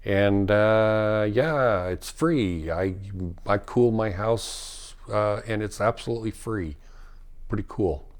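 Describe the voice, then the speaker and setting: Man, middle-aged, low-ish voice, slow delivery, frank rambling talk, fillers and restarts. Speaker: spiritual talk host and former firefighter. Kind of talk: casual spiritual monologue.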